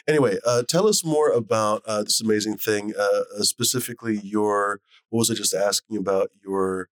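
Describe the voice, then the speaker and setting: Lowish guy hosting a podcast, joking around, swearing, dry sound. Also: steady tone, brisk, hardly any pauses, dry recording. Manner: loose, joking, profane. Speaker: podcast host. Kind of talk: casual chat.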